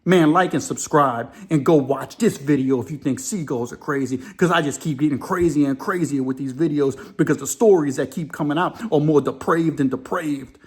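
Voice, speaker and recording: A man hosting a crime channel, giving animated, slangy commentary on a news story and laughing as he talks. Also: a little high, normal speed, few pauses.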